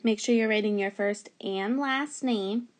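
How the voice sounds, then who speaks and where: A woman's voice: mid-range voice, a little slow. A woman teacher giving a remote phonics lesson to young children, patiently sounding out letters and words.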